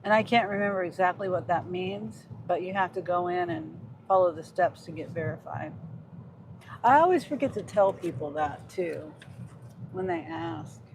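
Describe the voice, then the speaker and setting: A woman's voice: lowish voice, expressive, normal speed. A woman livestreaming as a delivery driver, chatting casually and reading viewer comments aloud while she drives. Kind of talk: casual live stream chat. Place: inside a car while driving. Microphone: phone mounted on the dash. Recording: noisy in-car phone recording.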